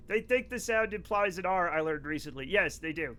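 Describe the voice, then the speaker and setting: High bright-voiced joking streamer man. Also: lively intonation, fairly quick. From United States. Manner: loud, joking, rants and laughs at chat. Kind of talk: casual live-stream chat.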